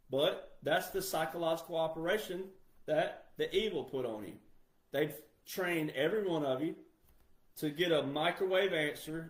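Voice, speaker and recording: A man who makes country music, on a heated, emphatic rant that keeps repeating its points. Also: fairly high pitch. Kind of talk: impassioned rant. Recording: roomy echo.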